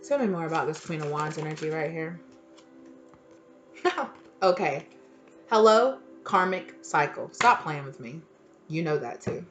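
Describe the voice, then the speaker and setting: A woman's voice: sits low, expressive, normal speed, pauses often, over music. A woman giving a casual tarot reading, blunt and emphatic, swearing freely and repeating her points. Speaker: tarot reader.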